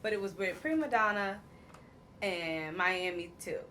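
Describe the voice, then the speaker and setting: A woman's voice: lowish voice, a little slow, slight background noise. A woman, casually recapping a reality show episode, acting out quotes and laughing often. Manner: animated storyteller, acts out quotes, laughs often.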